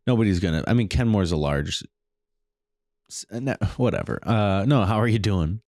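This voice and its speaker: A man's voice: fairly low pitch, lively intonation, moderate pace, a little mellow, dry recording, studio quality. A man hosting a casual podcast, joking, sarcastic and swearing freely. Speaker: podcast host.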